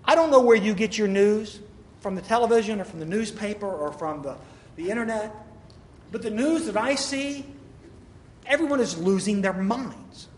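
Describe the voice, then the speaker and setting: Preaching as a pastor in a church sanctuary, a man uses a high, expressive voice at a normal pace, with a little hiss or hum on the audio. His delivery is emphatic and packed with rhetorical questions, heard in an echoey hall with faint ambience.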